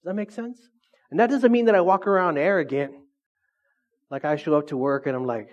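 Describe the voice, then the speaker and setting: A middle-aged pastor preaches a sermon, joking and calling for answers from the congregation in call-and-response. His fairly high voice is brisk with long pauses, on a dull lo-fi recording.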